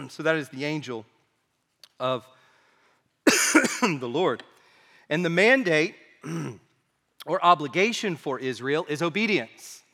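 A man preaching a sermon as pastor, swinging from quiet asides to emphatic rising phrases, with an occasional cough. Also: fairly high pitch, big pitch swings, slow, pauses often. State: coughing now and then. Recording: long hall reverb.

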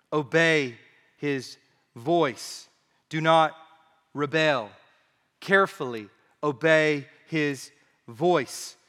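A man preaching a sermon as pastor, swinging from quiet asides to emphatic rising phrases, with an occasional cough. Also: high-pitched. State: coughing now and then. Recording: long hall reverb.

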